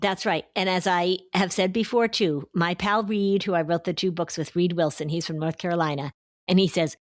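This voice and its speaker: Middle-aged female host, low-pitched and dry, encouraging and expressive in casual chat. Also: moderate pace, no echo. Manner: warm, expressive and encouraging, explains with everyday examples. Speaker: podcast host and anxiety therapist.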